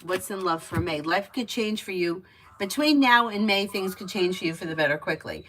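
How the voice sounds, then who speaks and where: A woman's voice: mid-range voice, moderate pace, noisy background. A woman giving tarot readings on a live stream, chatty and giggly as she tells stories between readings. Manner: chatty and giggly, lively storytelling. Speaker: tarot reader.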